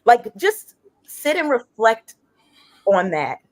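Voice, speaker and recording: A woman co-hosting a relaxed podcast speaks with a lively, swooping pitch. She keeps questioning the point of things, filling her sentences with "like". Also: takes it slowly. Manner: animated, questioning, many likes. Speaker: co-host. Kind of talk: casual podcast chat.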